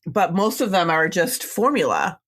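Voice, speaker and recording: A woman with a notably low-pitched voice co-hosts a podcast. She reads listener letters aloud with real enthusiasm and then chats casually about them. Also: big pitch swings, moderate pace, a bit bright, husky. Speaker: podcast co-host. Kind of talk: casual podcast chat, reading listener mail.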